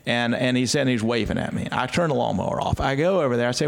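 A middle-aged pastor tells stories as a guest on an interview, stumbling over his starts and then acting out the voices in them. His voice is gravelly and rough. The room leaves a long reverb on it. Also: medium pitch, quick pace. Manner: animated storyteller who restarts often and acts out voices. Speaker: pastor and author.

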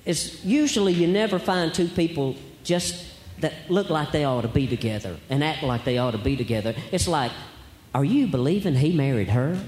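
Wry high-voiced man doing stand-up. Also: normal speed. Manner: wry, storytelling, rhetorical questions. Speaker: stand-up comedian. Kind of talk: stand-up comedy routine. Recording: echoey hall, faint background noise.

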